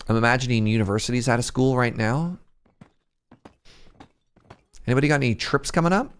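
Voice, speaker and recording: A man's voice: mid-range voice, a little fast, clear, resonant tone. A young man from Canada streaming a building game, chatting casually with viewers, thinking aloud and poking fun at himself. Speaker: Minecraft streamer. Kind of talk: casual gameplay chat with chat.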